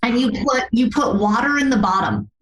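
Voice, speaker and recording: A woman being interviewed as a yoga therapist, telling a personal story in an earnest, animated way and laughing often. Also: a little high, moderate pace, a little hiss or hum. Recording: roomy echo.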